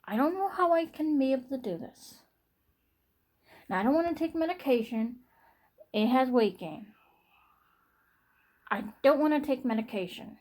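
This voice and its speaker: A young adult woman talking to camera in a personal vlog, halting and repetitive, with frequent sighs and restarts. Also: high-pitched, expressive, a little mellow. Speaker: vlogger.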